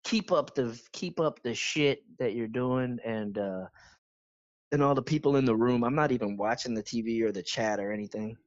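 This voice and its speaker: A man's voice: mid-range voice, normal speed, no echo, muffled recording. A man in his fifties, hyped up and rambling with lots of swearing in casual chat. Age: 50s. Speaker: caller.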